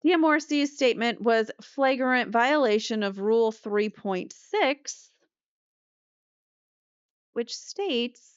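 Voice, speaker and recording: A woman reads legal filings aloud in a smooth, clear voice, stopping often to explain them in blunt, offhand terms. The sound is close and dry, a little dull and lo-fi. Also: a little high, lively intonation, slow pace, pauses often, dry recording. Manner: reads dryly then adds blunt offhand asides. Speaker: host reading court documents. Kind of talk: reading legal filings aloud with casual commentary.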